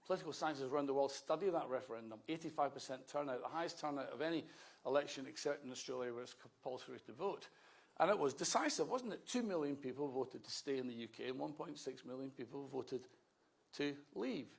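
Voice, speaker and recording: Scottish man, sixties, gravelly, mid-pitched, wry rally speech full of stories. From Scotland. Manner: wry storyteller with self-mocking asides. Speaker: politician addressing a rally. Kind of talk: anecdotal speech.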